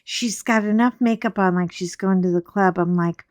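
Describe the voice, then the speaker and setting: A woman's voice: medium pitch, moderate pace, a little mellow, dry recording, clean studio sound. A woman hosting a casual video from home, chatting and telling a story into a desk microphone, laughing often and breaking into acted quotes. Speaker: vlog host.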